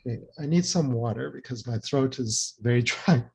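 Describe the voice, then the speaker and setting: A man's voice: medium pitch, normal speed, vocal fry, a little mellow, slightly rough. A man giving an academic presentation, explaining points earnestly and checking in with frequent "right?" and "you know" tags.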